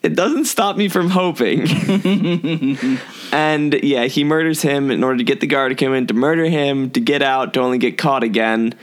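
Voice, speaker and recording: A man's voice: mid-range voice, moderate pace. A young man co-hosting a podcast, rambling through a casual recap with frequent laughs. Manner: chatty, rambling, laughs often. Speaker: podcast co-host.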